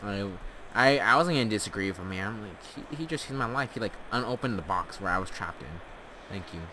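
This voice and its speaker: A man's voice: fairly low pitch, lively intonation, a little fast, background noise. A young man telling a long, rambling story with many restarts while playing a game, on a headset mic. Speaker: storyteller and gamer.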